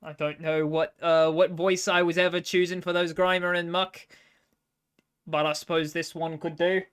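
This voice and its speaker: A woman's voice: fairly low pitch, flat delivery, moderate pace, smooth. A young Australian woman giving casual, chatty live-stream commentary, swearing freely and making self-mocking asides. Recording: game music in background.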